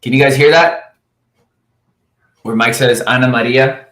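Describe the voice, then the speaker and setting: A man coaching cold calling live from his office, talking with high energy. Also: unhurried, a bit bright, echoey room. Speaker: sales coach.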